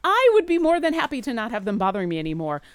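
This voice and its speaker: A woman voicing an eager, flustered female bird-folk bard who talks in rapid, excitable bursts. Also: clear, resonant tone, dry recording. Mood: earnest. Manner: rapid, excitable, high-pitched chatter.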